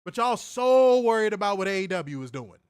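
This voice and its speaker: A man reviewing a wrestling show, ranting loudly with lots of swearing. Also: high voice, moderate pace, smooth, no echo, clean studio sound. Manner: loud profane ranting; calmer advice-giving. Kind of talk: ranting commentary.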